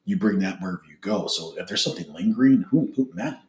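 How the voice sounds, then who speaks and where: A male podcast host asking questions in a chatty, animated way during a casual interview. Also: low voice, quick pace, reverberant. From Mexican-American family.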